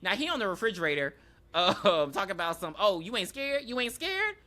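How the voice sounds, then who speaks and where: A woman's voice: lowish voice, big pitch swings, fairly quick, pushed and bright. A woman co-hosting a podcast, recapping a TV episode in loose casual chat and acting out the characters' lines. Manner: loose storytelling, acting out characters with slang and laughs. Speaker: podcast co-host.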